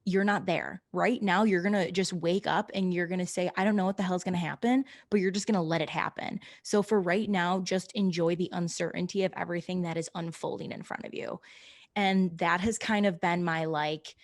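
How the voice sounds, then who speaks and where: A woman's voice: fairly low pitch, fairly even intonation, fairly quick, no room sound, clean studio sound. A woman in casual podcast conversation, frank and loose, with occasional swearing.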